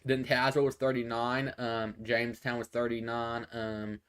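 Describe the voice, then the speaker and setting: An amateur weather and traffic presenter delivers casual live updates by phone in a smooth, medium-pitched, slightly bright voice with a level tone and normal speed. His delivery wanders and repeats, full of fillers and false starts.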